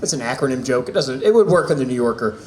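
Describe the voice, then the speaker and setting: A man hosting an open mic, teasing a comic with dry banter and loudly introducing the next act. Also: mid-range voice, animated, quick pace, background noise. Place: small venue open mic. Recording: echoey room.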